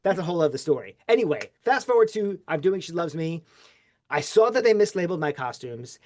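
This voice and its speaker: A man hosting a podcast who tells a long personal story in a casual, animated way, with his pitch swinging widely. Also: a little fast. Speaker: podcast host. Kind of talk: casual interview chat.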